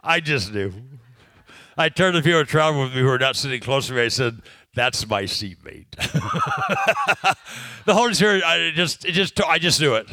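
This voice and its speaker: A man preaches to a congregation in a chatty, storytelling manner, often laughing and throwing questions to his listeners. His voice is bright and a little high. The sound is dry and close. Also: animated, quick pace, no room sound. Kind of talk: sermon with personal story.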